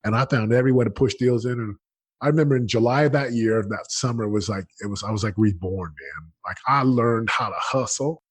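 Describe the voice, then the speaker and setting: Husky-voiced man telling a story. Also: fairly low pitch, fairly quick. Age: late 30s. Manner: energetic, emphatic, full of slang and restarts. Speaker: guest. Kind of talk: casual storytelling in an interview.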